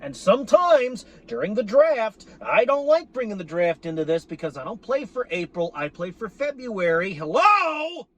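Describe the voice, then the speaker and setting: A man's voice: sits high, big pitch swings, normal speed, few pauses. A man venting in a profane, exasperated monologue about his team, sarcastic and repeating himself for emphasis. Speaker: sports fan vlogger.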